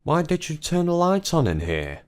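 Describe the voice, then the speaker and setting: A man voicing a young boy in a story who answers calmly and flatly. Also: on the high side, moderate pace, clean tone, voice pushed up. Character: young boy hiding in a secret room.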